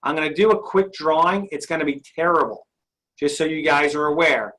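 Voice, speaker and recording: A man's voice: a little high, a little fast, a bit bright. A male sales trainer leading an interactive session, upbeat and often asking his audience questions.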